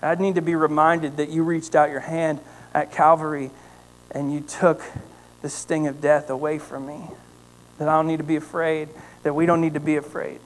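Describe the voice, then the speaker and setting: A male pastor preaching in a church sanctuary, with a fairly high voice. He tells stories with animated emphasis and prays in a quieter tone. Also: moderate pace, poor audio. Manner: animated storytelling, then quiet prayer. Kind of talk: sermon.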